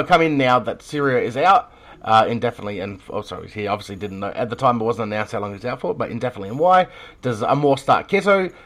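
A man's voice: mid-range voice, fairly bright tone. An Australian man hosting a casual podcast chat, rambling with lots of fillers and frequent laughs. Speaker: podcast host.

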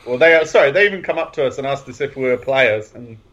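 Joking co-host, muffled sound. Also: male voice, medium pitch, expressive, fast talker, a bit bright. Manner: joking, storytelling, laughs mid-sentence. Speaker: podcast co-host. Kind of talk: casual podcast chat.

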